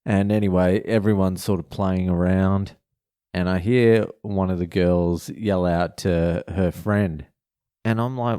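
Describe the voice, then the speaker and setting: A man's voice: low-pitched, steady tone, unhurried, dark tone, smooth, dry recording, clean studio sound. An Australian man, a comedian, telling rambling, profane stories in a solo chat. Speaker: comedian and podcast host.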